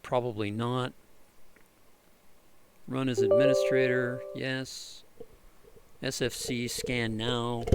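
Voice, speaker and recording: A man ranting in frustration while fixing his computer, sarcastic and swearing freely. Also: slight background noise. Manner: exasperated, sarcastic, swears freely, mocks others in shrill voices. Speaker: vlogger doing computer repair. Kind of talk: frustrated ranting commentary over screen recording.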